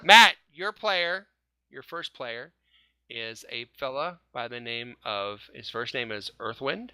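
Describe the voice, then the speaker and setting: A man's voice: medium pitch, expressive, slow, sharp tone, clear, resonant tone, dry recording. A man hosting a casual fan podcast, running a name quiz, joking and laughing often as he spells out names. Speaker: podcast host. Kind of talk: casual panel chat, quiz game.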